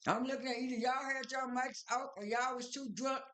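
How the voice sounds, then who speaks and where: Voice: high voice, flat delivery, brisk, fairly bright tone, echoey room. A speaker casually recapping a reality show at home, rambling through scenes with many fillers, restarts and retold dialogue.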